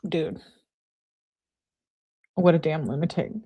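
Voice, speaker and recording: A woman's voice: low voice, slow, slightly rough, dull audio. A woman hosting a live reading, with exasperated, sarcastic comments between passages. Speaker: channel host.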